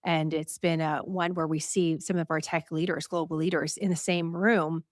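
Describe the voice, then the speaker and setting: A woman hosting a news show, talking casually to a live audience in a chatty, animated way, laughing and asking viewers what they think. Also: low-pitched, normal speed, no echo, studio quality.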